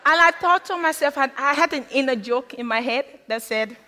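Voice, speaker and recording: A woman's voice: sits high, a little fast, pushed and bright, a little hiss or hum. A woman from Africa telling her own story in a candid, wry talk, slipping into the voices of others. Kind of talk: personal storytelling talk with humor. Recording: long hall reverb.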